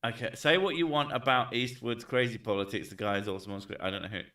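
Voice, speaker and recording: A man's voice: mid-range voice, steady tone, quick pace, bright, forceful tone, far from the mic. A man streaming and chatting casually, joking, swearing and reading chat messages aloud.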